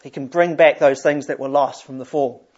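A man's voice: medium pitch, fairly even intonation, moderate pace, darkish tone. Man preaching a conversational sermon. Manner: conversational, repeats words while thinking. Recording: dull lo-fi sound.

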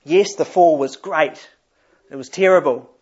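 A man's voice: on the high side, unhurried, a little mellow, husky. A man preaching a sermon in a conversational way, often repeating words as he thinks. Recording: dull lo-fi sound.

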